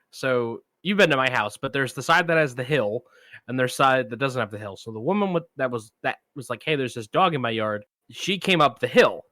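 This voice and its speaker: Bright-voiced man telling a story. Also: medium pitch, no echo. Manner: animated anecdote teller, acts out quoted voices. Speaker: podcast co-host. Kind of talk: casual storytelling chat.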